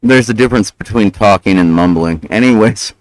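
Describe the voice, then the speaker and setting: A man's voice: on the low side, fairly quick, low-quality recording. A man ranting casually on his live stream, cursing and sometimes mumbling with food in his mouth. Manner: ranting, profane, self-justifying; mumbling with mouth full while eating. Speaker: livestreamer. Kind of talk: casual rambling stream talk.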